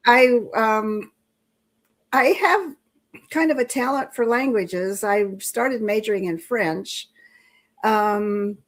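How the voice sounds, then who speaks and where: A woman's voice: a little high, slow pace. An older woman, a guest author in a casual interview, telling anecdotes with frequent chuckles and restarts.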